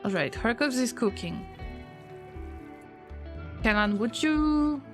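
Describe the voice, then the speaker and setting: A woman streamer with a fairly high voice talks through her game at an unhurried, drawn-out pace. She frets aloud and speaks directly to her colonists, coaxing and scolding them as she plays. Faint music plays under her commentary. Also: lively intonation, a bit bright. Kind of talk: gameplay commentary.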